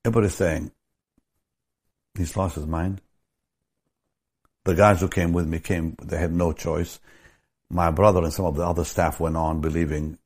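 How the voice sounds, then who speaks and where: A man's voice: sits low, a little mellow, husky. A middle-aged man preaching a sermon, telling stories and building into emphatic, fervent prayer. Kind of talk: sermon with storytelling.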